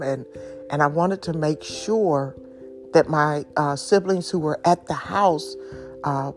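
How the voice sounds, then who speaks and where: Slow, heartfelt woman giving testimony. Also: deep voice. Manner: emotional, halting, with restarts and soft laughs. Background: faint instrumental music.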